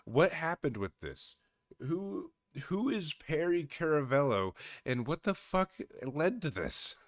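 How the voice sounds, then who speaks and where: A man's voice: a little high, big pitch swings, takes it slowly, no echo, clean studio sound. A man streaming casual reaction commentary, laughing and exclaiming in disbelief.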